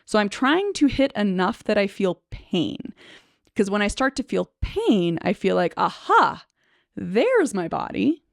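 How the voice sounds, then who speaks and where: A woman who works as a speech-language pathologist talks to the camera about something she went through, reflective and halting, full of fillers, restarts and soft nervous laughs. Her mid-range voice swings widely in pitch and has a creaky quality. The sound is clean studio audio with no echo.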